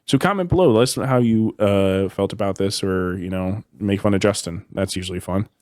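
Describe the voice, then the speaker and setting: A man hosting a relaxed book-talk podcast, his voice sitting on the low side. He rambles and hedges, trailing off as he thinks aloud. The sound is dry and close, with no room around it. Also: fairly quick, dry recording. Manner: rambling, hedging, trails off often. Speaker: podcast host. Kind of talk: casual book discussion chat.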